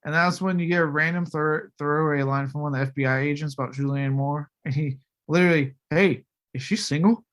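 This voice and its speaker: A man's voice: a little high, flat delivery, quick pace, few pauses, a bit bright. A man co-hosting a casual movie review podcast, blunt and profane. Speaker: podcast co-host.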